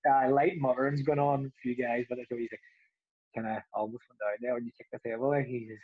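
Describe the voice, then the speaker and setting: Brief: ex-footballer, young adult, husky voice, rambling and laughing, dry lo-fi sound. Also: male voice, medium pitch, level tone, fast, no room sound. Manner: rambling, laughs often, restarts. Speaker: former footballer, podcast co-host. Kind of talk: casual storytelling.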